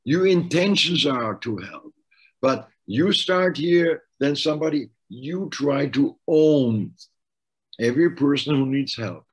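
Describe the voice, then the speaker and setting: A man's voice: medium pitch, lively intonation, takes it slowly, husky, low-quality recording. A middle-aged man with a German accent, a coach talking casually and stressing his points by repeating them. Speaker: life coach, co-host. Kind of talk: casual conversational coaching talk.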